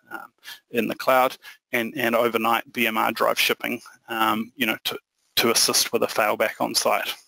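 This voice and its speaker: A man presenting a software product demo in a conversational, explaining manner with frequent fillers. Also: medium pitch, vocal fry, dry recording, poor audio.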